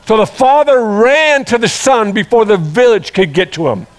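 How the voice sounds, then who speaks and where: High-voiced preacher telling a parable. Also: male voice, moderate pace. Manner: animated storytelling, acting out voices. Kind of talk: sermon.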